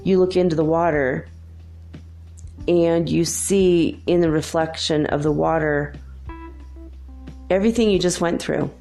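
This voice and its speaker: A woman's voice: low-pitched, steady tone, a little slow, gravelly, pauses often, mellow, faint music behind. A woman host telling a spiritual story in a casual, earnest and reassuring way, with many fillers. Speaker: podcast host.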